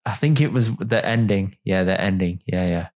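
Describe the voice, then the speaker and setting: A young man with a lowish voice. He co-hosts a podcast in a laid-back, candid way and laughs easily. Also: moderate pace, darkish tone. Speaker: podcast co-host. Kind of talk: casual chat.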